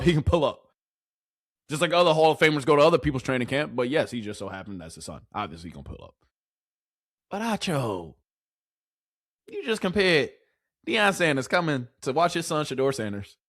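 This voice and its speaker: Man, reaction commentary, heated, mocking, profane, lively pitch, dry close sound. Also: brisk, pauses often, dry recording.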